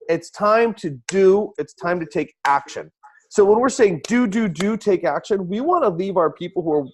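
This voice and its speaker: Excitable high-voiced male coach. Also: husky. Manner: excitable, fires repeated rhetorical questions. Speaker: host and speaking coach. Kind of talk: energetic live-stream coaching talk.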